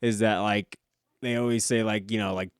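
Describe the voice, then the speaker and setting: A man's voice: on the low side, steady tone, moderate pace, clean tone, dry recording, clean studio sound. A man co-hosting a casual podcast, laid-back and swearing freely as he retells TV scenes. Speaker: podcast co-host. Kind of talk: casual chat.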